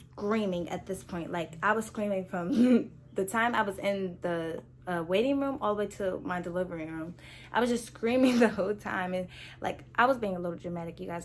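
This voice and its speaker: A woman's voice: medium pitch, slight background noise. Chatty young woman telling a story. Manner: chatty, candid, lots of "like" and "so I'm like". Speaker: vlogger. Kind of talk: casual storytelling to camera.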